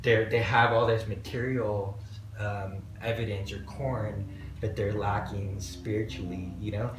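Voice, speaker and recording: A man hosting a podcast, musing in a relaxed, reflective way with many fillers. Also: lowish voice, unhurried, over music. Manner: laid-back, reflective, filler-heavy. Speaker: podcast host. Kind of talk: casual conversation. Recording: roomy echo, distant mic, faint background noise.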